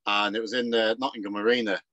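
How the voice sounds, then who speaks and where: A man's voice: on the low side, flat delivery, quick pace, fairly bright tone, dry recording, muffled recording. A man asking a long hesitant question on a podcast. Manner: hesitant, searching memory with fillers. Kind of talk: casual question.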